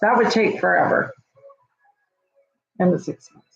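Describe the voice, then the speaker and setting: A woman's voice: fairly low pitch, normal speed, creaky. Woman in her 50s from idaho, rambling and pleading into her phone, echoey room, kinda muffled, music behind. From Idaho, USA. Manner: chatty and pleading, talks straight to the host. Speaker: fan making a video appeal. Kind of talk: casual self-recorded plea to a talk show host. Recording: echoey, dull home phone video with music.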